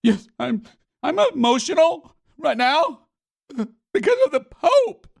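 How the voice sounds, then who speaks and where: A man mockingly imitating a tearful, overwrought woman official in a high crying whine. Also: sing-song, takes it slowly, creaky, full character voice. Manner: exaggerated high-pitched crying mockery.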